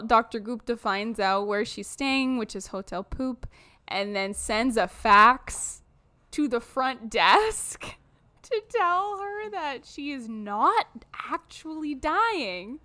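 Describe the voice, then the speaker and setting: A woman's voice: fairly high pitch, slow. A woman co-hosting a podcast, recapping a movie in casual, jokey chat with some swearing. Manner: animated, swearing, jokey storytelling. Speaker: podcast co-host.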